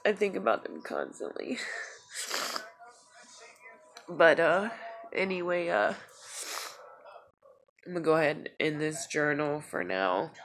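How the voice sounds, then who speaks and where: A woman tearfully talking in a personal video journal, halting and soft-spoken. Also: deep voice, a little hiss or hum. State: crying. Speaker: vlogger.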